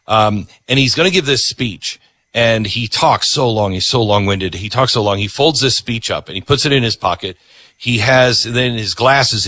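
A man's voice: on the low side, dry recording. A man hosting a talk show, telling a story with animation and reading ads. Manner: animated storyteller, quick ad delivery. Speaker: host. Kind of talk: talk show chat and ad read.

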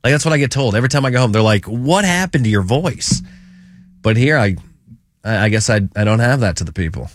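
A man's voice: fairly low pitch, rapid-fire. A man with a Midwestern accent hosting a casual sports talk radio show, rambling a little with plenty of fillers. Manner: relaxed, rambling, frequent fillers. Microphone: studio mic.

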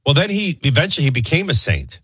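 A man hosting a talk show, rambling through childhood anecdotes and a quick sports rundown. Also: a little high, sing-song, a bit bright, breathy edge, no room sound. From New Orleans area. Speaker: talk radio host. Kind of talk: casual storytelling and sports rundown.

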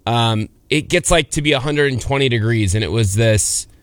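A man's voice: medium pitch, moderate pace, no room sound, clean studio sound. A man co-hosting a casual chat, playfully teasing over pronunciations and saying "like" a lot. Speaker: co-host.

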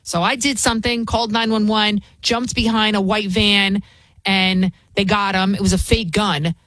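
A woman's voice: mid-range voice, steady tone, moderate pace, fairly bright tone, no echo. A woman filling in as a talk radio host, ranting in a combative, mocking way with frequent restarts. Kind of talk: opinionated talk radio rant.

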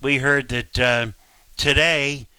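A man's voice: mid-range voice, fairly even intonation, slow, sharp tone, clear, resonant tone, dry recording. A man hosting talk radio, giving blunt, rambling opinions. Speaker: radio talk show host.

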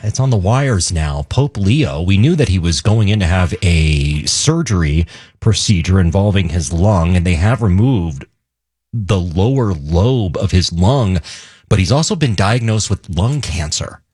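A man's voice: low voice, unhurried, slightly rough, dry recording, studio quality. A man co-hosting a casual radio show, reading breaking news and bantering about local stories. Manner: lively, joking, reads news off the wires. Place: radio studio. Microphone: studio microphone.

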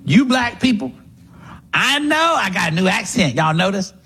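A man's voice: high voice, big pitch swings, moderate pace, pushed and bright, a little hiss or hum, exaggerated voice. A man doing a woman politician with a put-on drawl. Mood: mocking. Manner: mocking, exaggerated drawl.

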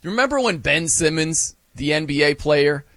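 An excitable man hosting a casual sports debate, his voice high and bright. He jokes, laughs and fires off rhetorical questions, his pitch jumping around. The sound is close and dry. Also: normal speed, no echo. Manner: animated, joking, rhetorical questions, laughs often. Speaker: sports show host.

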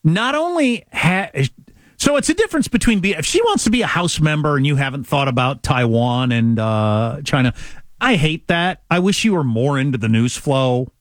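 A man's voice: fairly high pitch, expressive, normal speed, no echo. A man hosting a podcast, chatting opinionatedly and mockingly about politics in a rambling way. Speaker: podcast host. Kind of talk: casual political chat.

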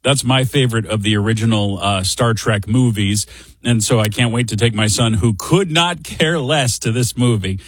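A man's voice: lowish voice, normal speed, slightly rough. A middle-aged man hosting a show, telling a casual story in a chatty, wry, self-deprecating way. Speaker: radio show host.

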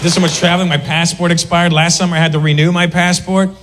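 A man's voice: on the high side, quick pace, heavy background noise. A Canadian man doing stand-up, telling stories with acted-out voices. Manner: animated storytelling with acted-out voices. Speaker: stand-up comedian. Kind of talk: stand-up comedy.

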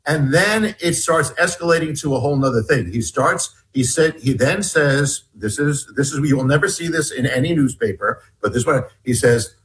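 Animated man retelling a tense story. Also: on the high side, moderate pace, hardly any pauses, a little hiss or hum. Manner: animated, emphatic retelling, shifting between raised and hushed tones. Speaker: author and guest. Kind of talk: telling a personal story in an interview.

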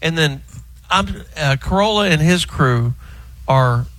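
A middle-aged man, calling in from a house full of sleeping roommates and telling a car-auction story in an animated, joking drawl. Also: a little high, slow pace, dry recording, poor audio. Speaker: car show regular calling in. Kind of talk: casual radio chat by phone.

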